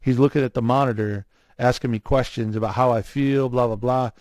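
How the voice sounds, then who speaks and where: A man telling his own story in a casual interview, animated, acting out what others said to him. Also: mid-range voice, a little fast, no room sound. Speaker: guest, cardiac arrest survivor.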